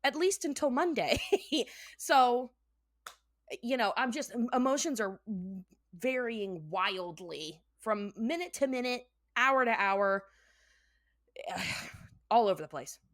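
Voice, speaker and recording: A young woman co-hosting a podcast, a little tipsy and laughing through her sentences, cursing freely. Her voice sits fairly high and swings widely in pitch. The recording is dry and close. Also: slow pace, no echo. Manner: laughs often, swears freely, animated. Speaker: podcast co-host. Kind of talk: casual chat.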